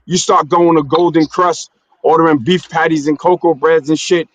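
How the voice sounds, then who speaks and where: A man's voice: fairly high pitch, fairly even intonation, normal speed, dry recording. A man from New York City hosting a casual streamed talk, telling stories in loose slang and often adding "you know what I'm saying.". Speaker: stream host. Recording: dull, dry streamed audio.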